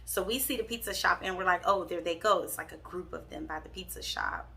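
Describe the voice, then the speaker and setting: A woman's voice: lowish voice, a little fast, vocal fry, sharp tone, slight background noise. A young woman telling a candid, sassy storytime to her viewers, calling them y'all. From Pittsburgh. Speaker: vlogger. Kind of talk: storytime vlog.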